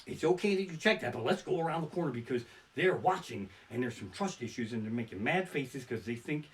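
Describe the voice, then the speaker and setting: A man quoting his calm, sensible wife, speaking low and hushed as she soothes her husband. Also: fairly quick, distant mic, lightly acted. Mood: soothing.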